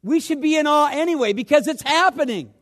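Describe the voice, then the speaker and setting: A male pastor preaching a sermon, swinging between loud urgent questions and hushed, low asides. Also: expressive, brisk.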